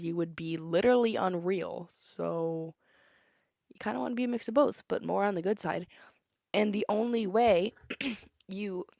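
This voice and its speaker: A young woman, possibly a teenager, hosts a casual solo podcast, chatty and opinionated, now and then breaking into song. Her voice is lowish and gravelly, captured in a dry, clean studio recording.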